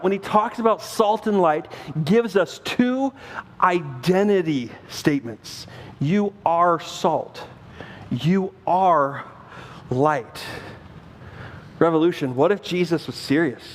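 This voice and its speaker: High-voiced pastor in a reverberant church. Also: male voice. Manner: animated storytelling, acts out dialogue, laughs at himself. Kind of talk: sermon with personal story. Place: church sanctuary. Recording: long reverb of a church hall.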